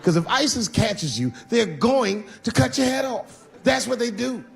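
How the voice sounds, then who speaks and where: Stand-up comic, man, forties, animated drawl, live arena mic with a long hall tail. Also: very high-pitched, measured pace, creaky. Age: 40s. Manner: storytelling with acted-out dialogue, drawling and swearing. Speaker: stand-up comedian. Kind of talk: stand-up comedy set. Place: large arena stage. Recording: live stage mic, hall reverb, crowd noise. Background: crowd laughter.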